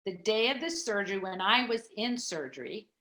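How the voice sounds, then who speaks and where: A middle-aged woman, a podcast guest, telling a personal story in a chatty, animated way with many fillers. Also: medium pitch, fairly quick. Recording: echoey room.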